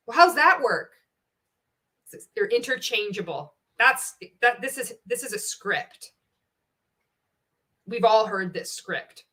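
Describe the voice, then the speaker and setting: A woman's voice: on the high side, expressive, slow pace, pauses often, fairly bright tone. A woman giving a sarcastic, profane commentary, laughing often as she picks apart a video. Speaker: anti-MLM commentator. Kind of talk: casual ranting commentary.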